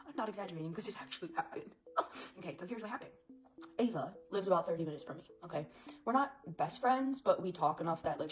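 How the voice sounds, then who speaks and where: Fast-talking chatty woman telling a story. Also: lowish voice, poor audio. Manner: animated, chatty, lots of fillers. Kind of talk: casual storytime.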